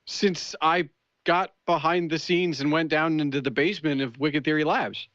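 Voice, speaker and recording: A man's voice: a little high, fairly even intonation, normal speed, fairly bright tone, no echo, dull audio. A man who is a regular podcast contributor, talking over a remote call in casual chat with dry wit and frequent stammered restarts. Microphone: remote microphone, digital call.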